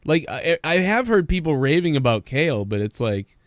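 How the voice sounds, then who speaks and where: A man's voice: on the high side, big pitch swings, moderate pace, no room sound, studio quality. A man co-hosting a casual comedic podcast chat, riffing and laughing as he talks. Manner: laughing, riffs with loud mock voices. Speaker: podcast co-host.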